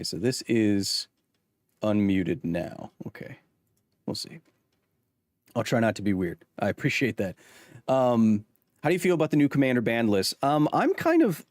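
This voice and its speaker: Guy streaming from home, bouncy pitch, rambles and laughs a lot, dry close sound. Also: a little mellow, no room sound. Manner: rambling, self-interrupting, quick to laugh. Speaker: live streamer. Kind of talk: casual live-stream chat.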